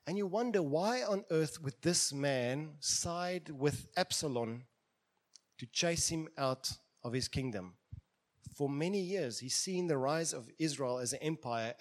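Male preacher, slightly high voice, dramatic sermon delivery that acts out quoted characters.

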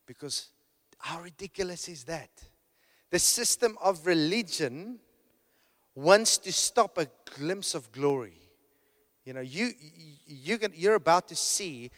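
A man's voice: on the high side, fairly bright tone. Emphatic preacher man in a reverberant hall. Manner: rhetorical, keeps checking in with "right?"; emphatic, repeats and restarts phrases. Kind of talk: sermon.

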